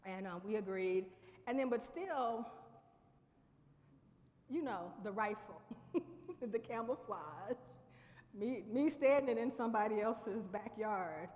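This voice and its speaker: A woman telling a personal story as a convocation speaker, conversational and quick to laugh, turning to the audience often. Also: mid-range voice, animated, darkish tone. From Lexington, Kentucky. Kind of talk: storytelling speech. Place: large chapel. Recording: long reverb of a chapel hall.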